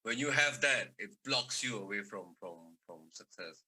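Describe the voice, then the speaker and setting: A man's voice: fairly low pitch, animated, moderate pace, bright, forceful tone, slightly rough, low-quality recording. A man on a comedy podcast panel, talking casually with many repeated words and restarts. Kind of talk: casual chat.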